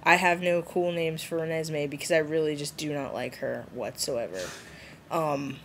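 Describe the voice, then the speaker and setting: A woman vlogging casually, rambling and giggly, with sudden high jumps when she mimics others. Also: steady tone, normal speed, fairly bright tone, slight background noise. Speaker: vlogger answering a viewer challenge. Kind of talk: casual rambling vlog chat.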